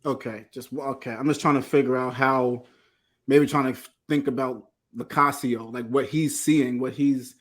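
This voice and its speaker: A man's voice: mid-range voice, fairly even intonation, moderate pace. Curious male podcast host asking questions. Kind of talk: interview questions.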